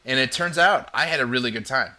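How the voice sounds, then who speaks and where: A man's voice: mid-range voice, fast, bright, forceful tone. A man hosting a show, rambling casually as he tells a story. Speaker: podcast host. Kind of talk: casual chat.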